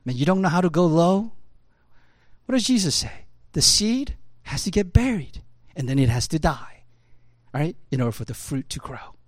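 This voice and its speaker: A man preaching a sermon in a loose, conversational way, filling his talk with "you know, like" and moving between loud emphatic bursts and low quiet asides. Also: very animated, normal speed, pauses often, no echo, clean studio sound. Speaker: pastor.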